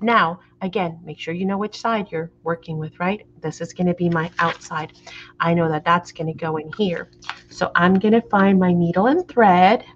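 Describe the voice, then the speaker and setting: A middle-aged woman with a fairly low voice hosts a live craft tutorial at normal speed, with slight background noise and dull lo-fi sound. Chatty and a bit flustered, she often checks in with viewers and apologizes, thrown by the camera framing.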